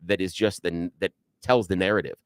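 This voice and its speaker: A man hosting a radio talk show, chatting casually and telling animated stories, acting out other people's voices. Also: sits low, fairly quick, smooth, no echo. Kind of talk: casual on-air chat.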